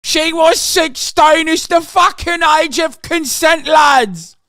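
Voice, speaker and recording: A man voicing a loud, mocking young English lad with a put-on English accent, shouting in an exaggerated, taunting way. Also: extremely high pitch, slow, no echo, clean studio sound, pitched above the performer's own voice, exaggerated voice.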